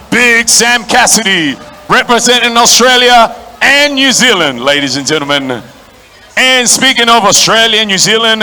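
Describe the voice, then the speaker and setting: A man working as a ring announcer at a boxing stadium, calling out to the crowd and introducing the fighters. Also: bright, forceful tone. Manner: booming, crowd-working, calls out to the audience.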